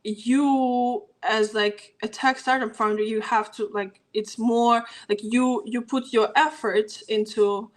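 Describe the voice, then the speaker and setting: A woman's voice: a little high, fairly even intonation, takes it slowly, few pauses, poor audio. A woman whose first language is Russian, a guest in an interview, talking casually with many fillers and restarts. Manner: casual, filler-heavy with frequent "like". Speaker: guest, startup growth expert. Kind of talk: conversational interview.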